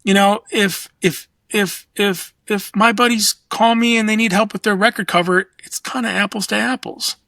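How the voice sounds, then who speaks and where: A middle-aged man chatting as a podcast guest, rambling and profane as he tells animated stories. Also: high-pitched, moderate pace, gravelly, few pauses, no room sound. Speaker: guest designer. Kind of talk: casual podcast chat.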